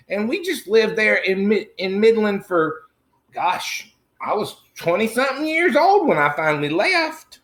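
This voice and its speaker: A man's voice: high voice, a bit bright, heavily acted. Guy doing a rambling middle-aged country man, folksy, voice swings all over, roomy echo. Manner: rambling, folksy, meandering storytelling with crude asides. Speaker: comedy character host. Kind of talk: improvised comic monologue.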